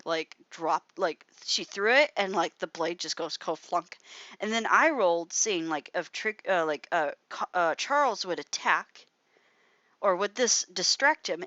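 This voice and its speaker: A woman's voice: on the low side, dry recording. Rambling young woman livestreaming her drawing. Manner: rambling storytelling, constant "like" fillers and frequent swearing; mutters softly to herself while drawing. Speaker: artist livestreaming while drawing. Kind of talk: casual rambling livestream commentary. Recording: slightly dull lo-fi mic, dry.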